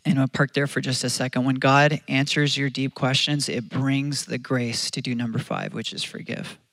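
A man's voice: mid-range voice, steady tone, moderate pace, fairly bright tone, no room sound. A man preaching a sermon as pastor, earnest and conversational, often restarting his phrases.

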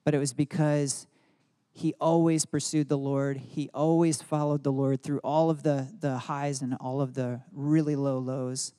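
A man's voice: medium pitch, little pitch movement, a little slow, mellow, clean tone. A married man giving an earnest devotional Bible teaching, mixing reflection with spoken prayer declarations. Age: adult, married. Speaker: preacher.

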